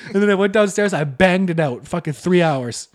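A man's voice: high voice, animated, normal speed. A young man co-hosting a podcast, telling rambling, profane stories and laughing often. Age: young adult. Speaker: podcast co-host. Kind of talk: casual podcast chat.

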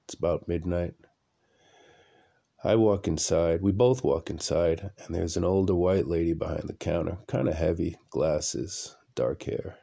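A man with a very low, gravelly voice and a dark, mellow tone tells a rambling story for his podcast. Speaking slowly and bluntly, he repeats phrases for effect, recording from a room at home at night in a casual storytelling monologue.

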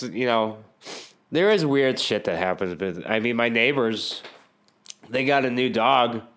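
A man's voice: fairly low pitch, fairly bright tone. Rambling, profane, sardonic man. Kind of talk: casual rambling monologue.

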